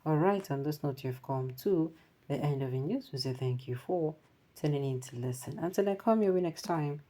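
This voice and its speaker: A woman with a Nigerian accent presenting news commentary, mixing Pidgin into animated remarks and reading out viewer comments. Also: low voice, moderate pace.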